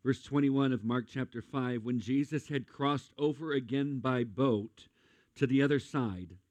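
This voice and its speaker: A man preaching a sermon in a lively, conversational way, with jokes and acted-out asides. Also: medium pitch, a little slow, dry recording. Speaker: pastor.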